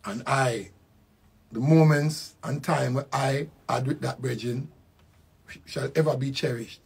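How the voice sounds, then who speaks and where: An older man with a Jamaican accent giving a slow, reflective spoken tribute, repeating his phrases. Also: medium pitch, vocal fry, husky. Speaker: musician.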